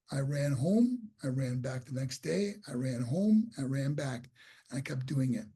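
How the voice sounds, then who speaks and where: A man's voice: medium pitch, normal speed, husky. A man from New York State, a guest and former boxer, telling his story in a casual interview and acting out the voices he quotes. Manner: animated storyteller who acts out quoted voices; repeats and restarts words when excited.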